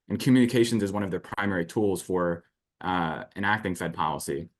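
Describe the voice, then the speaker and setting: A man appearing as a guest from a research firm, giving analytical, jargon-heavy answers about policy and markets. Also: fairly low pitch.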